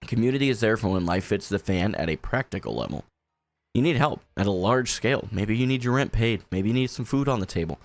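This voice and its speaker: A young man live-streaming with a headset, chatting casually and making an earnest, encouraging pitch to his community. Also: lively intonation, fairly quick. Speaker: gaming streamer.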